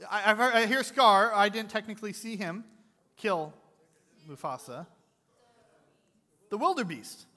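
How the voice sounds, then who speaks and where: Bright-voiced pastor preaching in a reverberant hall. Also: male voice, high-pitched, expressive, measured pace, long pauses. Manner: conversational, quizzes the congregation with questions; jokey asides between earnest preaching. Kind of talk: sermon. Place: church sanctuary.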